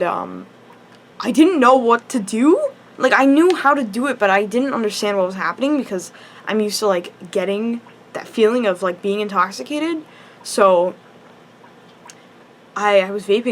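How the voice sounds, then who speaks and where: A woman's voice: on the high side, animated, brisk, slight background noise. Chatty rambling teenage girl. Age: teens. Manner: rambling, chatty, full of "like" and restarts. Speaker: high school student. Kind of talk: casual storytelling vlog.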